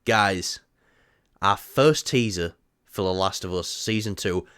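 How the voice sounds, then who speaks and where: A man co-hosting a movie news podcast in casual chat, excitable, swearing freely and laughing often. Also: low-pitched, slow, smooth, no echo, clean studio sound.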